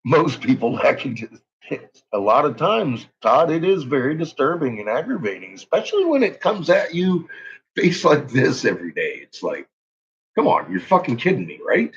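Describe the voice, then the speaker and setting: A man's voice: a little high, very animated, normal speed, lo-fi sound. A man ranting angrily on his channel, swearing constantly and making heated threats. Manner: profane, heated, swaggering threats. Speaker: YouTuber. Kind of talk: angry ranting vlog.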